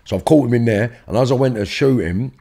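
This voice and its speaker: A man's voice: medium pitch, quick pace, vocal fry, warm tone, husky. Blunt, swearing London man telling a story. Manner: blunt, swears freely, acts out heated dialogue. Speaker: interview guest. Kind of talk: storytelling in a podcast interview.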